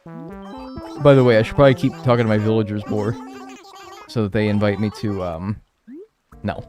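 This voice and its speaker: A man's voice: fairly low pitch, steady tone, moderate pace, over music. A young man streaming a video game, chatting casually and rambling, swearing freely as he talks. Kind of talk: casual stream chat while playing.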